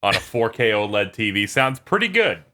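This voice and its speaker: A man's voice: on the low side, very animated, moderate pace, pushed and bright. A man on a podcast panel in casual chat, dropping dry one-liner quips.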